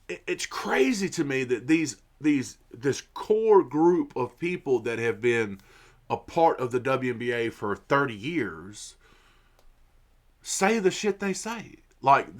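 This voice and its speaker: A man vents about sports in a profane, irritated monologue. He takes his time with the words, and his pitch swings widely up and down. He keeps stumbling over words and starting his sentences again. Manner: irritated, profane, repeats words and restarts often. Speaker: sports commentary vlogger. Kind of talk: ranting opinion monologue.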